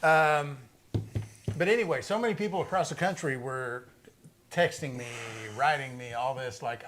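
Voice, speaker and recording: A man's voice: a little high, normal speed, a bit bright, a little hiss or hum. A man hosting a casual livestream, reading viewer comments aloud and chatting in a laid-back way. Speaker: show host.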